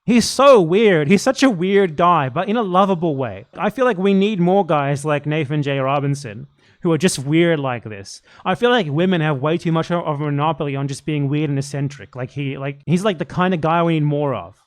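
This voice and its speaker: A man doing casual live commentary, reacting to a video with a blunt, profane, excitable rant. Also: on the high side, moderate pace.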